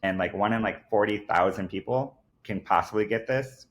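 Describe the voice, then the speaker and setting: A man with a lowish, fairly bright voice talks at normal speed as a podcast guest recounting a personal story. He is earnest and emphatic and fills his speech with words like "like" and "I kid you not."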